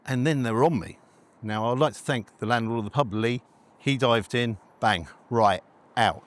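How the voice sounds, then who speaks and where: A man, a food reviewer, telling a story in an animated way and acting out conversations. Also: mid-range voice, moderate pace. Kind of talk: storytelling vlog.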